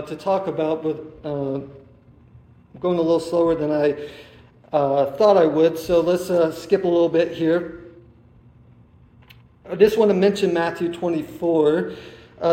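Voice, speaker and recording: High-voiced man preaching in an echoey room. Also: a little mellow. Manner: asks the listeners rhetorical questions, with many "uh" fillers. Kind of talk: sermon.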